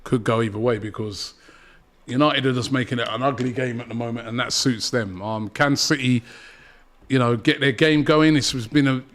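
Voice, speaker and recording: A man hosting a live football watchalong, reading viewer comments in a relaxed, chatty way. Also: medium pitch, moderate pace. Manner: laid-back, reads out viewer comments. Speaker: host.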